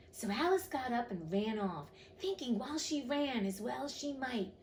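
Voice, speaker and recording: A woman's voice: on the high side, expressive, normal speed, hardly any pauses, slight background noise, poor audio. A woman reading a classic storybook aloud, with chatty, emotional asides to listeners. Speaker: reader of classic books.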